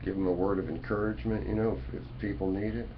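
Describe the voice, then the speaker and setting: A man's voice: on the low side, fairly even intonation, fast. A man talking straight to his webcam in a rambling, folksy, preachy way, full of "you know" and "man". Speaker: vlogger. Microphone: webcam mic. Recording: dull lo-fi webcam audio with faint room noise.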